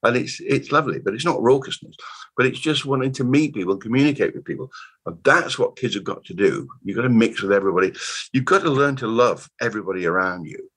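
A man in his eighties with a Bristol accent, telling stories as an interview guest in a rambling, animated way. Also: medium pitch, quick pace, breathy edge, rough recording. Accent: Bristol English. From Bristol, England. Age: 80s. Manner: rambling, animated, restarts words often. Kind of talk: casual conversational storytelling.

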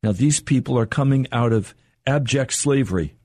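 An older man preaching a sermon in an earnest, measured way, slowing down for emphasis. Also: mid-range voice, darkish tone, no echo, studio quality.

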